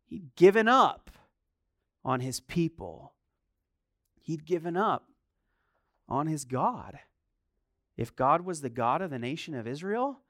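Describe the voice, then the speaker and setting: A young man preaching a sermon, telling a personal story quietly and then building to loud, high-pitched preaching. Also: no echo, studio quality. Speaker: pastor.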